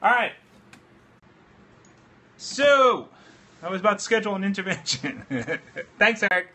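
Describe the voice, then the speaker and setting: Excitable man hosting a beer-fueled livestream. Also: high voice, unhurried. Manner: excitable, loose and swearing, drinking beer while talking. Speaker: livestream host. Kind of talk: casual livestream chat. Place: home studio. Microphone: phone livestream app.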